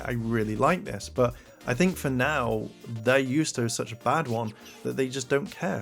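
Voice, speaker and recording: A man talks his way through his opinions in a loose, rambling style, leaning on fillers like "like" and "you know." His voice sits at a middling pitch, with faint music playing beneath it. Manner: rambling, many fillers, rises in pitch when exasperated. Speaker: commentary channel host. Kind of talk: casual opinion commentary.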